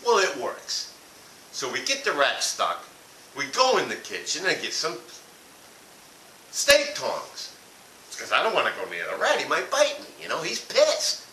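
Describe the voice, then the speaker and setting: A man's voice: on the high side, huge pitch swings, a little slow, pauses often, bright, forceful tone. A man telling a blunt, profane comic rant about a family vacation. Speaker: comedic ranter. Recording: echoey room from far off with hiss.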